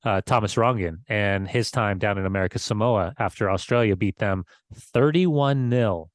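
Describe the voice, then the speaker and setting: Give me a relaxed man co-hosting a podcast, recorded dry. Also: fairly low pitch, no echo. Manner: relaxed, halting restarts. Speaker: podcast co-host, former player. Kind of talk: casual chat.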